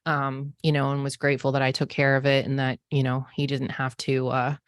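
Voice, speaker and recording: A woman's voice: rumbling low, completely flat delivery, brisk, dry recording, clean studio sound. A woman in her forties, a podcast host, telling a personal story in a casual, chatty way full of "like" and "um". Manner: chatty, frequent "like" and "um" fillers. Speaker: podcast host, psychic medium.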